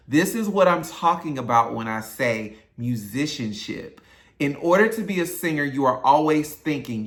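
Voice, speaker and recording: A man with a mid-range, fairly bright voice hosts his own channel. He's a YouTube host and singer, giving a casual, opinionated recap of an awards show and chatting straight to his viewers.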